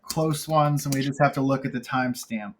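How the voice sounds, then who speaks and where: A man hosting a caption contest panel, talking casually and haltingly, with many fillers as he reads entries aloud. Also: mid-range voice, steady tone, slight background noise. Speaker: contest host.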